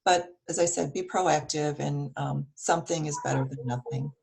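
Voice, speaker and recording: Over a video call that keeps dropping out, a hoarse, gravelly-voiced woman from Wisconsin offers heartfelt wellness tips as a guest at a casual online gathering. She speaks at a normal speed with fairly even intonation and a darkish tone, leaning heavily on fillers like um and uh.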